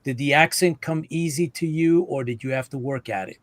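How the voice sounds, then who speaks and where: A man's voice: a little high, a little fast, dry recording. A man hosting a live stream, praising his guest eagerly and reading out a viewer's question. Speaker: host.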